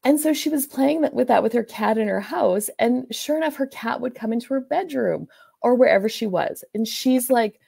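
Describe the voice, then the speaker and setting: A woman's voice: a little high, moderate pace, creaky, warm tone, husky. A woman coach casually recounting a client's story in a loose, meandering way, full of restarts and "like"s. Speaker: life coach.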